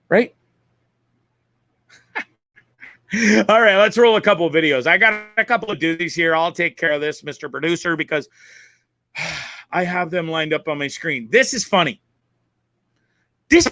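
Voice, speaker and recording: A man with a high, sharp voice hosts a live online show from his desk, rambling through video clips with plenty of swearing and laughter. His voice sits close and dry on the mic, with no room sound. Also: normal speed, pauses often, dry recording. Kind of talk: casual commentary on viral videos.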